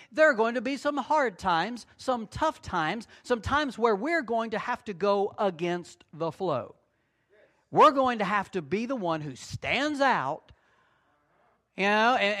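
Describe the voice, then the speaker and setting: High-voiced man preaching conversationally. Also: a bit bright. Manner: conversational preaching with repetitions and acted-out asides. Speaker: pastor. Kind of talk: sermon.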